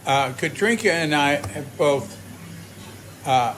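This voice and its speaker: A man's voice: a little high, lively intonation, slow, fairly bright tone, slight background noise, poor audio. An older man hosting a casual interview, chatty and encouraging, with many fillers, recording on his iPhone. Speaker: host. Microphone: iPhone held by speaker.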